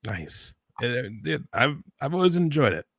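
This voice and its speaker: A man co-hosting a casual wrestling talk show, energetic and peppering his speech with dude and like. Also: medium pitch, unhurried, no echo, clean studio sound. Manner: energetic, says dude and like a lot. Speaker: podcast co-host. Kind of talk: casual chat.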